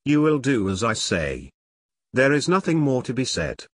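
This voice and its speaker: A man voicing a harsh, bullying male demon henchman with a rusty voice who yells threats. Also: medium pitch, big pitch swings, normal speed, breathy edge, dry recording, studio quality. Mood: threatening. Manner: yelling threats.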